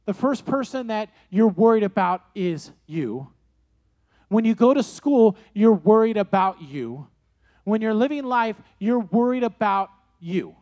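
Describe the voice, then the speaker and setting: A man in his late forties preaching to young people, telling stories in an animated way and repeating key phrases. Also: high-pitched, unhurried. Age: 40s. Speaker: youth pastor. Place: room with a live audience.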